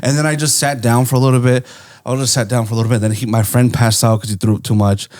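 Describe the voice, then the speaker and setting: A man co-hosting a podcast, telling a story in an animated way, often laughing and acting out voices. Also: medium pitch, quick pace. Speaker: podcast co-host. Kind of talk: casual storytelling chat.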